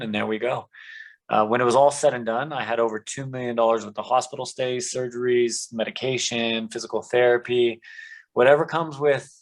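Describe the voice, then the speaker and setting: A man's voice: medium pitch, steady tone, normal speed, low-quality recording. A man earnestly telling his life story as a podcast guest, with many "um"s and "you know"s. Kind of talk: conversational testimony.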